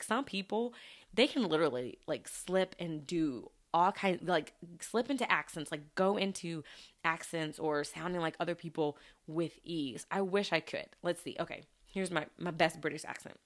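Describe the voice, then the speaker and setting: A young adult woman, a former teacher hosting a podcast, chatting casually and laughing often with loose, rambling restarts. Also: fairly low pitch. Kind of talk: casual chat.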